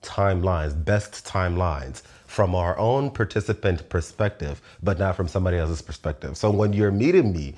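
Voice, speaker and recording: A man in his thirties with a low, deep voice hosts his own show with a loose philosophical monologue. He is animated and laughs often between points. He swears freely and bluntly. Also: moderate pace, few pauses. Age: 30s. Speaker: show host.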